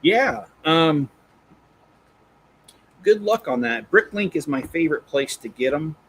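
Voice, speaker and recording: A man's voice: on the high side, lively intonation, unhurried, fairly bright tone, slightly rough, rough recording. A man hosting a Lego channel, chatting casually on a live stream, rambling and correcting himself as he goes. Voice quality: rambling, self-correcting, chuckles while reading.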